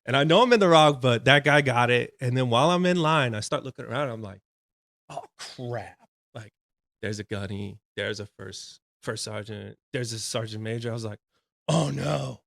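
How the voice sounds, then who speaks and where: Man, thirties, mid-pitched, casual frank storytelling, laughs often, dry recording. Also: brisk, vocal fry, hardly any pauses, a bit bright, no echo. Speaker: guest, retired Navy corpsman.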